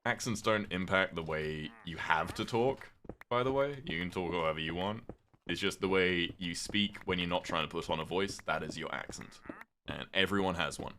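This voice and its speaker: Deep-voiced British man chatting on stream. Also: moderate pace, a little hiss or hum. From Britain. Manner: chatty, sweary, reads chat aloud and reacts with sudden loud outbursts. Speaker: livestreamer. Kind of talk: casual livestream chat.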